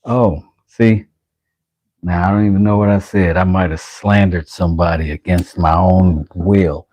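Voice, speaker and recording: A man's voice: deep voice, steady tone, unhurried, dark tone. A man chatting casually with his live-stream audience while carving wood, joking and bantering playfully. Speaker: woodworking streamer.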